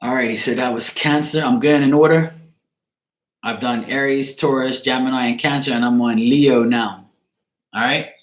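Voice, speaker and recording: A man's voice: medium pitch, steady tone, normal speed, roomy sound. A man giving a casual tarot reading on a livestream, rambling loosely, swearing now and then and breaking off to greet viewers. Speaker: tarot reader.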